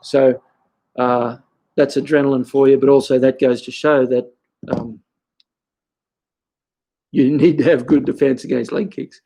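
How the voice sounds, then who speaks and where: An older Australian man talks through fighting technique as a karate instructor. His voice sits at an ordinary middle pitch, and he explains in an easy, conversational way, breaking off now and then for stories. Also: level tone, a little slow, pauses often, warm tone, poor audio. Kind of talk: instructional talk.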